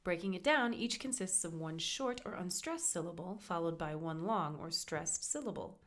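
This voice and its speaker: A woman's voice: fairly low pitch, animated, moderate pace. Upbeat woman narrating an acting lesson. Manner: upbeat, encouraging, conversational. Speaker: acting teacher. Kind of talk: scripted instructional narration.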